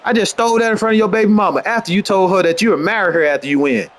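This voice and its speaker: A man streaming a football video game, rambling in brash, boastful, profane commentary and trash talk, dropping to low mutters and then jumping into high outbursts. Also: racing, a bit bright. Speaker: gamer streaming gameplay.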